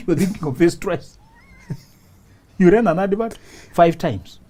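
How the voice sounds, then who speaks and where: A man with a husky, mellow voice hosts a studio advice show. His pitch swings widely as he talks. He laughs often, acts out little scenes and repeats his points for emphasis. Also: lively intonation, takes it slowly. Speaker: relationship talk show host.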